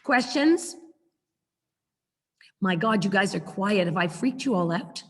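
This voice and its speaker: A woman's voice: medium pitch, animated, slow, long reverb tail. A middle-aged woman teaching a puppy training class on a video call, chatty and acting out her corrections to the dog. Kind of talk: online class lecture.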